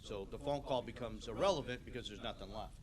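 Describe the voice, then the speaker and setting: A man's voice: medium pitch, fast talker, a little hiss or hum. Man giving a casual sales class. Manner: casual, repeats "okay?" to check understanding. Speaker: sales trainer. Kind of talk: classroom lecture. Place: training classroom.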